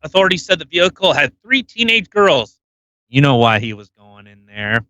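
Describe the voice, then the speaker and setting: A man's voice: a little high, very animated, moderate pace, pushed and bright, no room sound. A man hosting a podcast in casual chat, full of provocative jokes and banter. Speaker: podcast host.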